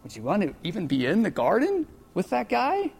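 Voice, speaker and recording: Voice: mid-range voice, wildly swooping pitch, brisk, creaky, a little mellow, husky. Conversational Bible teacher in an echoing hall. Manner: conversational, thinking aloud with asides. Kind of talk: informal Bible study teaching. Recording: long reverb of a large hall.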